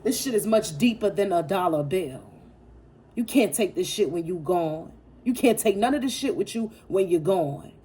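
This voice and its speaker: A woman's voice: mid-range voice, expressive, normal speed, mellow, a little hiss or hum. A woman giving a casual spiritual tarot reading, speaking with emphatic, preachy force, blunt and profane, repeating phrases for effect. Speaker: tarot reader.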